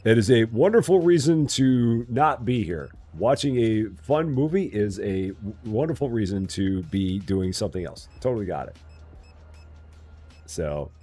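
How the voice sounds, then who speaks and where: Low-voiced guy streaming a game, teasing chat, voice bouncing all over, bit of music in the back. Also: darkish tone. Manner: joking, teasing, sing-song asides. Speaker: gaming streamer. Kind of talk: live game commentary, chatting with viewers. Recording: faint music behind.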